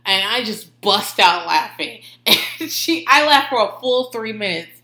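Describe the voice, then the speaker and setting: A woman's voice: medium pitch, a little slow, roomy sound. A woman hosting a podcast, telling stories in casual, profane chat and laughing often. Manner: profane, laughing, animated storytelling. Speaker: podcast host.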